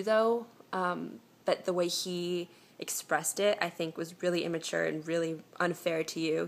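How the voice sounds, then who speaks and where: Young woman vlogger, lowish creaky voice, casual advice chat recorded on a phone camera. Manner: chatty and reassuring, with many "um"s and restarts. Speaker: vlogger answering viewer questions.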